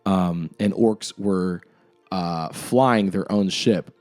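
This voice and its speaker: A man's voice: sits low, extremely slow, darkish tone. A young man, a game master, talking casually about his campaign world, rambling with lots of fillers. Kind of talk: casual lore talk. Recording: music in the background.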